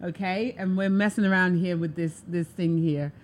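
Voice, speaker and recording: A woman's voice: on the low side, fairly even intonation, moderate pace, a little mellow, slight background noise. A woman hosting a casual live-stream talk show, talking in an effusive, enthusiastic and chatty way. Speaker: show host. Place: New York City.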